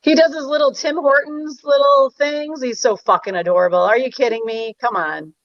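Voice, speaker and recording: A woman's voice: sits high, normal speed, dry recording, highs cut off. A woman guest on a casual podcast chat, telling stories with enthusiasm and swearing now and then.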